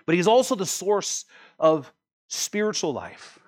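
A man's voice: high voice, big pitch swings, a little slow. A man preaching a sermon as pastor, emphatic, repeating key words and asking rhetorical questions.

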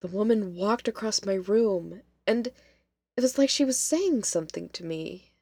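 A woman's voice: mid-range voice, expressive, moderate pace, darkish tone, dry recording. A woman voicing a young female college student who is rattled and insistent. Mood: recounting. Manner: shaken, insistent.

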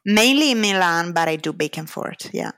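Woman, Italian accent, low voice, dry close sound, earnest, careful phrasing. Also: animated, moderate pace, a bit bright, no echo. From Italy. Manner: earnest, slightly non-native phrasing. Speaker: guest lawyer. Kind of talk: interview answers.

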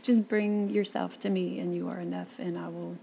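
Woman, interview guest, lively storyteller, quotes people in their voices, gravelly voice. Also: fairly low pitch, normal speed, slight background noise. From south Louisiana.

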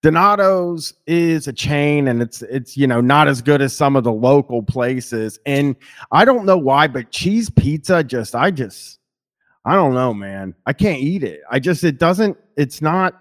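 A man's voice: on the high side, lively intonation, a little slow. A man in casual conversation who rambles, restarts his sentences, swears freely and laughs easily. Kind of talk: casual chat.

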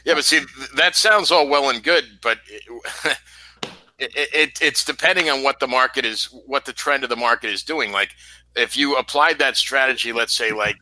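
A man co-hosting a podcast in casual chat, halting and repeating words as he thinks. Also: mid-range voice, bright, forceful tone, poor audio. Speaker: podcast co-host.

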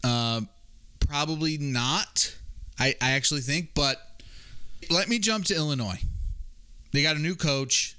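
A man with a bright, smooth voice at a mid pitch breaks down college football picks in a casual podcast. He often stammers and restarts his sentences as he builds his case. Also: a little slow, pauses often. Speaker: sports podcast co-host. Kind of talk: casual sports analysis.

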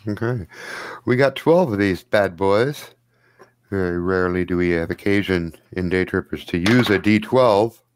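Guy running a tabletop game, kinda low voice, laid back and jokey, dry mic. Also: moderate pace, no echo. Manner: casual, joking description with swearing. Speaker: game master.

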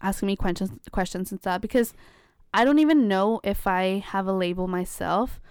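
Chatty young woman, very clear voice. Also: mid-range voice, moderate pace, darkish tone, no room sound, studio quality. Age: young adult. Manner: chatty, many fillers, acts out quoted dialogue. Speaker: college student. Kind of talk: casual chat.

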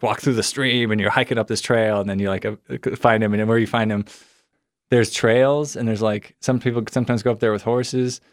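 A man's voice: on the low side, no room sound, clean studio sound. A young man telling a personal story in a casual, rambling way, full of "like" fillers and acted-out quotes. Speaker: son of a missing hunter, guest.

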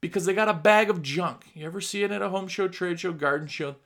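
A man from Wisconsin with a Midwestern accent coaches other business owners in a casual, plain-spoken way. His voice sits fairly high for a man. He leans hard on key words and briefly acts out customers as he explains. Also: fast, fairly bright tone. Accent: Midwestern American. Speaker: window cleaning business owner giving advice.

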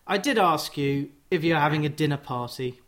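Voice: medium pitch, animated, normal speed, fairly bright tone. A radio show host asking the guest questions and adding chatty asides. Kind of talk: casual radio interview chat.

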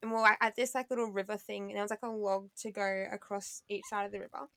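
A woman's voice: medium pitch, steady tone, fast, bright, forceful tone, dry recording, clean studio sound. A woman, co-hosting a casual podcast with wry quips. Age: 20s. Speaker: podcast co-host. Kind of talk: casual chat.

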